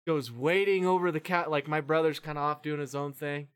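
A man with a somewhat high voice tells a long story on his podcast in casual chat. He rambles from one detail to the next and swears freely. He acts out the lines of the people in the story as he goes. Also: fairly even intonation, a little fast, a bit bright, clear, resonant tone. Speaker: podcast host.

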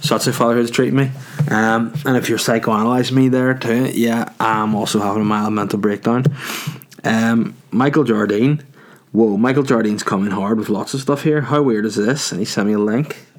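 A man's voice: medium pitch, steady tone, normal speed. A man in his thirties, a stand-up comedian, chatting casually while answering viewer questions, swearing freely and ranting with self-mocking humor. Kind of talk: casual chat.

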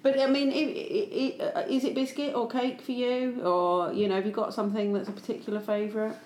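A woman hosting a podcast, chatty and quick to agree with her guests. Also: a little high, steady tone, darkish tone. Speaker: podcast host. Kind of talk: casual podcast chat. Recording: roomy room with faint hiss.

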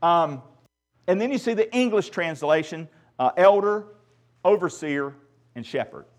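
A man's voice: a little high, expressive, a little slow. A middle-aged man, preaching a sermon as pastor and joking with the congregation in call and response. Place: church sanctuary.

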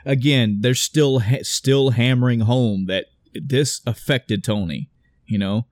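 Brief: young adult man, casual movie recap, animated and profane, dry close sound. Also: medium pitch, slow pace, no echo. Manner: animated retelling with swearing and acted quotes. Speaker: podcast co-host discussing a movie. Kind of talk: casual chat.

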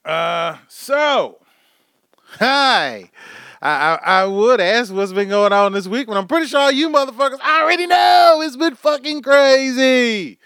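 A man's voice: very high-pitched, animated, unhurried, a bit bright, clean tone, no room sound, clean studio sound. A man hosting his own podcast, rambling through a swear-filled comic rant. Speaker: podcast host. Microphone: podcast microphone.

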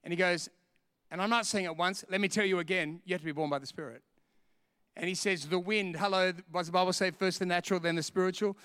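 A middle-aged man from Australia preaching a sermon, telling a personal story in an animated way and laughing at himself. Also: high-pitched, fast talker, clear, resonant tone, no room sound, clean studio sound. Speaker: pastor.

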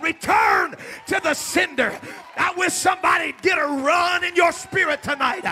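A man pastor delivering a sermon in a folksy way that rises into shouted preaching. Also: very high voice, normal speed, creaky, faint music behind.

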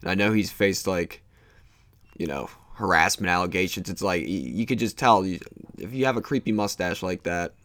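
A man's voice: low-pitched, moderate pace, a bit bright, no echo. A young man hosting his own podcast, rambling casually with many fillers and loose, meandering thoughts. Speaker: podcast host.

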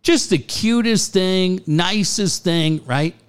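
A man's voice: high-pitched, takes it slowly, smooth. A man in his forties co-hosting a show, telling stories with lots of swearing and put-on voices. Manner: animated, swearing, puts on voices in anecdotes. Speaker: radio show co-host. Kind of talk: casual banter.

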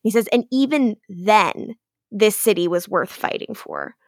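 A woman co-hosts a podcast, casually recapping an episode in an animated way, acting out lines and swearing now and then. Her voice is medium pitched and unhurried. The studio-quality recording has no room sound.

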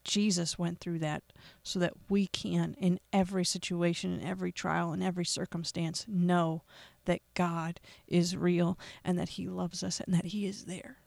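A podcast host making an emotional, earnest gospel appeal in a preacherly way, with pauses and repetition. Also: mid-range voice, little pitch movement, vocal fry, dry recording.

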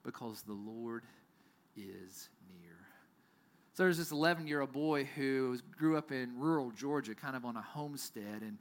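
A man preaching a sermon as pastor, telling stories with big swings from loud to near-whisper. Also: medium pitch, lively intonation, normal speed. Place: church.

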